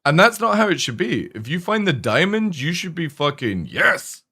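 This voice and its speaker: Animated, swearing man ranting on stream. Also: on the high side, moderate pace, breathy edge. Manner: animated, swearing often, exasperated. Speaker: game streamer. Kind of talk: profane casual rant while streaming.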